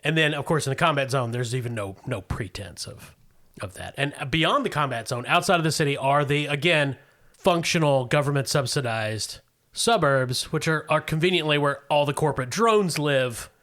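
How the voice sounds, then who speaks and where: A man running a tabletop role-playing game as game master, explaining the setting in a relaxed way with fillers and restarts. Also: on the high side, normal speed.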